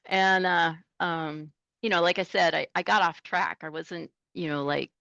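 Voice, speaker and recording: A woman's voice: fairly low pitch, steady tone, unhurried, creaky, pushed and bright, no echo, highs cut off. A middle-aged woman, a truck driver, telling stories in a casual interview and animatedly acting out the voices she quotes.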